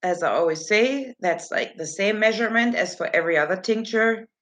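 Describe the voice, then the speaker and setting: A woman's voice: medium pitch, animated, fairly quick, fairly bright tone. A woman hosting a casual livestream, rambling and laughing as she answers chat messages from her viewers. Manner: giggly, rambling, self-mocking. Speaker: livestream host.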